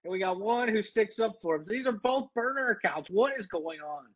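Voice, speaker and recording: A man's voice: high voice, expressive, fairly quick, fairly bright tone. A man co-hosting a sports betting podcast, wry and a little suspicious as he teases the others. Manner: wry and suspicious, with easy laughs. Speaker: podcast co-host. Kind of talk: casual sports betting chat. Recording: dull lo-fi audio.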